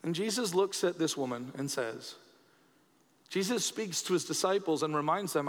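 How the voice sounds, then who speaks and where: High-voiced preacher in a reverberant hall. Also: male voice, normal speed. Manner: emphatic, conversational, repeats words for stress. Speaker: pastor. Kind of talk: sermon. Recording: long reverb of a church hall.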